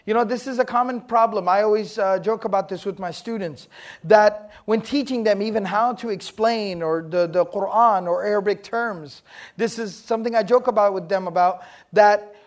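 A man from Texas with a Texan accent, lecturing a class on Quranic Arabic terms in a joking, lively way that quizzes his listeners. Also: sits high, normal speed. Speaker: Islamic studies teacher.

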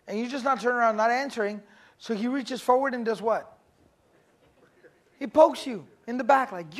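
A man's voice: very high voice, moderate pace. Casual, storytelling man teaching a class. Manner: casual, asks the audience questions, acts out stories. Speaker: religious teacher. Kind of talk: Islamic lecture to a class.

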